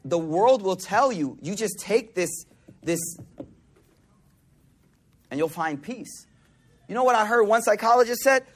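A man preaching a sermon to a live audience, repeating phrases for emphasis and dropping from loud, emphatic lines to hushed, intimate ones. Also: high voice, lively intonation, measured pace, pauses often, a little hiss or hum.

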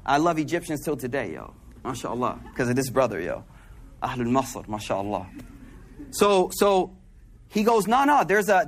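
High-voiced man preaching through a story. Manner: animated, conversational, drops into quiet soft asides. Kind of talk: storytelling sermon.

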